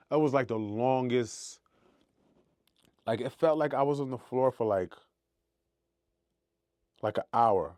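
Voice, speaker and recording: Animated man telling a story, dry sound. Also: medium pitch, dry recording. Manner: animated storytelling, acts out his own panicked shouts. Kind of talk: casual storytime retelling.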